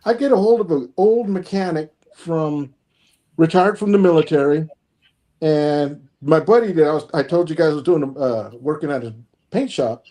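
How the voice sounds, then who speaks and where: A middle-aged car collector, appearing as a guest on an online group stream from home, speaks at a moderate pace in a slightly high voice. He casually tells a long, animated story, acting out both sides of the conversations he recounts.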